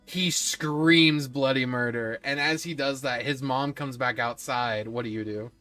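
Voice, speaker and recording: A man's voice: medium pitch, steady tone, a little slow, bright, forceful tone, faint music behind. A man narrating a tabletop game as game master, casual and laughing, with some profanity.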